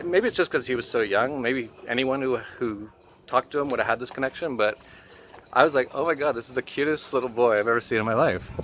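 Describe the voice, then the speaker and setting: A man with a voice of ordinary middle pitch tells a personal story in a loose, conversational way. He talks haltingly and with feeling, breaking into soft laughs and leaning on filler words. A faint hum of noise sits under the voice. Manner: emotional and halting, laughs softly between phrases, many fillers. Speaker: channel host telling a personal story. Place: home in Mexico.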